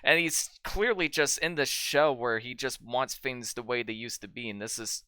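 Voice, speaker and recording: Give me a bright-sounding man discussing a film, recorded dry and close. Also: medium pitch, clean tone, no room sound. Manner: laughs often, quick remarks.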